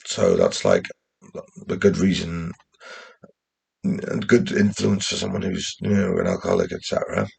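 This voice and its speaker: A man talking in a rambling, casual monologue, often swearing and restarting his sentences, with a gravelly, husky voice. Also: low voice, expressive, normal speed, long pauses, a little mellow. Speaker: commentator.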